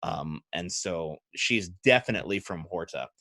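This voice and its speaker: A man narrating as game master, relaxed and conversational. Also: low voice, normal speed, no room sound, clean studio sound.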